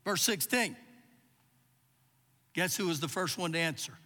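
Slightly high and slightly slow, this pastor's voice comes across pushed and bright. He reads Bible passages and emphatically dramatizes quotes in an expository sermon, recorded live in a church with long reverb.

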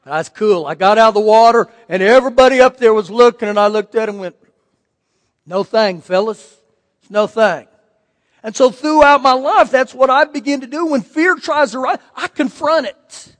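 A man's voice: very high voice, normal speed. A male pastor giving a sermon, telling folksy personal stories and acting out the voices of the people in them. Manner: folksy storytelling with animated quoted voices. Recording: long hall reverb.

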